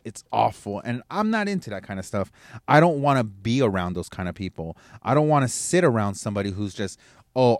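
A man's voice: fairly low pitch, no echo, clean studio sound. A man, a father, giving a blunt, profane motivational rant as a podcast host. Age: adult with kids.

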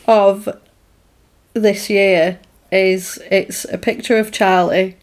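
A woman casually retelling a film's plot to a friend, animated and full of "like" fillers. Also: medium pitch, slow. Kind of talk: casual film recap chat.

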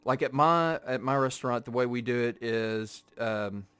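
A man's voice: medium pitch, normal speed, a bit bright, clean tone, dry recording. A man in a casual chat, eagerly explaining how a dish is made and cutting in on others. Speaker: podcast co-host, restaurant worker.

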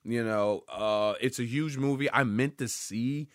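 A man riffing on a podcast in loose, rambling commentary, swearing freely and jumping into excited outbursts. His voice sits at an ordinary pitch and sounds dry and close, with no room around it. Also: a little slow, no echo. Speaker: podcast host. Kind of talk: casual pop-culture commentary.

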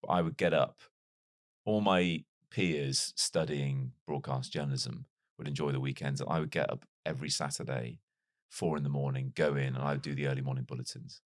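A man with a light Liverpool accent, a broadcaster chatting as an interview guest, telling stories with quick self-deprecating asides. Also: rumbling low, fairly even intonation, no room sound, studio quality. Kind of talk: casual conversational storytelling.

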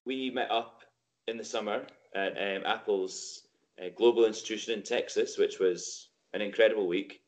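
A man's voice: fairly low pitch, steady tone, normal speed. A man hosting a casual interview, friendly and encouraging, with short affirmations. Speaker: host.

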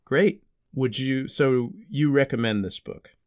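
A man co-hosting a casual podcast with his child, relaxed and joking, quick to laugh. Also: mid-range voice, dry recording, clean studio sound. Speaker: podcast co-host, father.

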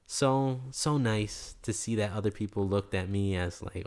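A young man from New York, a guest in an interview, telling a story in an animated way and acting out the people he quotes. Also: fairly low pitch, a little slow. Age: young adult.

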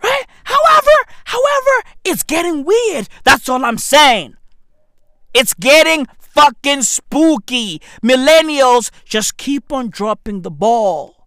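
A man in his thirties delivering a brash, profane comedic rant to camera, with bursts of shouting. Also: extremely high pitch, expressive, takes it slowly, clear, resonant tone, no room sound, clean studio sound. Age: 30s. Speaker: vlogger.

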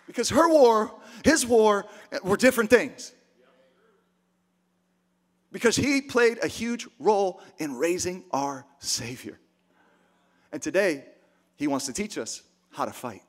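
Pastor preaching: high-voiced man, emphatic, rallying the room with questions. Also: slow, long pauses. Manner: emphatic, energetic, rhetorical questions. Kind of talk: sermon.

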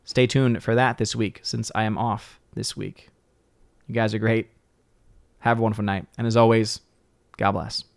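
A man hosting a livestream, signing off casually, thanking viewers and reading supporter names with lively upward lifts. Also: on the low side, moderate pace, gravelly, long pauses, no echo, studio quality. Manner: jokey, playfully mangles words. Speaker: livestream host. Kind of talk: casual stream sign-off and shout-outs.

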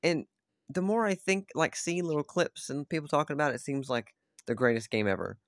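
A man's voice: on the high side, no echo, clean studio sound. A young man streaming a casual, rambling rant, swearing often and laughing between exasperated outbursts. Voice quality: swears a lot, quick laughs between rants. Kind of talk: casual ranting vlog.

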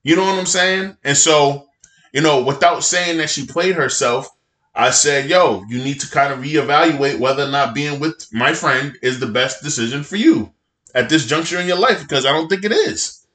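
A man's voice: fairly high pitch, normal speed, sharp tone, reverberant. A man in his thirties co-hosting a podcast in casual chat, blunt and laid-back, swearing freely. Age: 30s. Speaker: podcast co-host.

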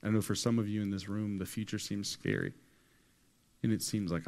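A man's voice: on the low side, fairly quick, gravelly, darkish tone. A man preaching a sermon to a congregation, telling a story with casual slang and acting out the quoted voices. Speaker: pastor. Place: church hall with an audience.

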